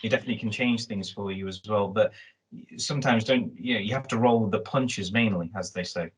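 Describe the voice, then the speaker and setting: A man's voice: lowish voice, fairly quick, slightly rough, poor audio. A man hosting a casual interview podcast, talking loosely and repeating words as he thinks. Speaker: podcast host and actor.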